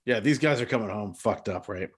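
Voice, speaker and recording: A man's voice: lowish voice, brisk, breathy edge. A man co-hosting a podcast, casual and profane, teasing his co-hosts. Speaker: podcast co-host. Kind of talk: casual chat.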